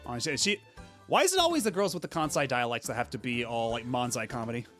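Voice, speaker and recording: A man's voice: mid-range voice, expressive, fast, fairly bright tone, soft background music. A man streaming a game, chatting casually in a rambling, filler-heavy way. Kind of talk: casual gaming commentary.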